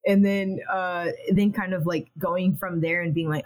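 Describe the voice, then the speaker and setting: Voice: medium pitch, steady tone, unhurried, few pauses, poor audio. Podcast guest, TV writer, casual, rambling, quotes own thoughts aloud. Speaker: TV animation writer.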